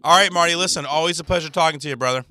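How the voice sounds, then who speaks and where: A man's voice: a little high, very fast, pushed and bright. An American man hosting a casual comedy radio show, joking and laughing often.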